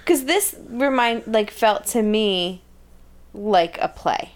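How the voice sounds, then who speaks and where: A woman's voice: mid-range voice, slow pace. Chatty woman saying "like" a lot. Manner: rambling, heavy use of "like", animated. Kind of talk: casual chat reviewing a TV show.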